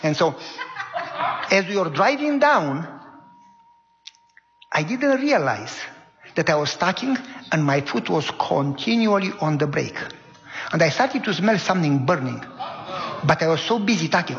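A man's voice: sits high, measured pace, pauses often. A middle-aged man preaching a sermon, telling a story and acting out the voices of the people in it. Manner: animated storytelling, acts out voices. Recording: dull, hall-like reverb.

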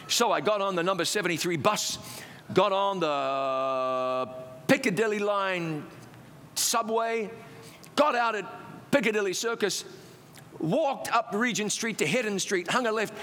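A man preaching, telling his own testimony as a lively, self-mocking story. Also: sits high, measured pace, long reverb tail, a little hiss or hum.

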